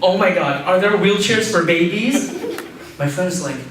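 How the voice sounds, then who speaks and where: A man's voice: high-pitched, a little slow, a bit bright. A young man doing an open mic stand-up set, rambling with fillers and laughing at his own jokes, recorded by a far camera in a campus restaurant. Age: young adult. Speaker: stand-up comedian. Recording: echoey room, far camera, background noise.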